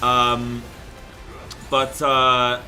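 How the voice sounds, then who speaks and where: A man's voice: medium pitch, completely flat delivery, extremely slow, pushed and bright, faint music behind. A young man chatting loosely on a game stream, rambling with fillers and the odd swear word. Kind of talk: casual live-stream chat.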